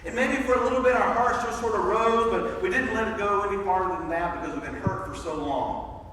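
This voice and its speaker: In a church sanctuary, a pastor tells a story in the first person as part of a sermon, building drama and repeating words. His high-pitched voice is brisk and fairly bright, with a little hiss or hum. The echoey hall is recorded from far away.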